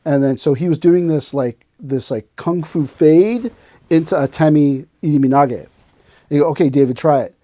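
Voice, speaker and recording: A man's voice: on the high side, moderate pace, warm tone, no echo. A man hosting a podcast, telling stories in casual chat and acting out scenes with sound effects and quoted voices. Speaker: podcast host.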